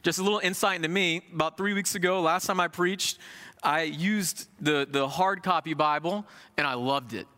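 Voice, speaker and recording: A man in his thirties preaching a sermon in an animated, conversational way, with folksy asides. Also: a little high, moderate pace, in a large hall.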